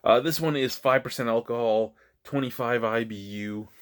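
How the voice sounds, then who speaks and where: A man's voice: mid-range voice, moderate pace. A man reviewing beer on camera in a casual, crude and joking way, recorded indoors at home.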